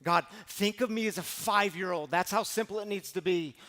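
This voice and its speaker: A middle-aged man preaching a recovery sermon, animated storytelling that swings from loud to hushed. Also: sits high, moderate pace. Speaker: pastor of a recovery community.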